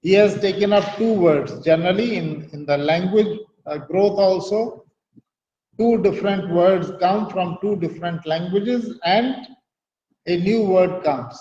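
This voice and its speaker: A middle-aged Indian English lecturer with a high voice talks at an unhurried pace. He explains step by step and keeps checking in with "right?". The recording sounds dull and roomy, with a long hall echo. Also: dark tone. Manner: explanatory, asks "right?" after each point. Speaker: guest lecturer, professor of English. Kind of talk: university lecture.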